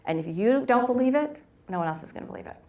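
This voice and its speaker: Candid woman telling business stories. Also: a little high. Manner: candid, lively storytelling, quick asides. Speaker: bakery founder speaking on a panel. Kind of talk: workshop panel talk.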